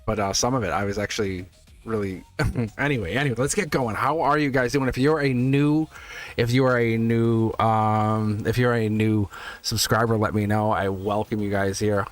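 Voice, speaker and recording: A man's voice: on the low side, fairly even intonation, moderate pace. A middle-aged man talks casually to his live-stream viewers as a tarot reader. He laughs often, restarts and repeats words. Faint music plays in the background. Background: test music.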